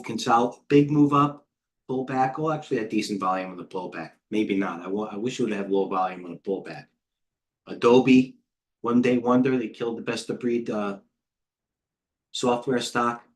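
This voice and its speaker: Low-voiced man rambling over market charts. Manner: rapid, scattered thinking aloud with many asides. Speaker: trading coach and host. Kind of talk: live market commentary.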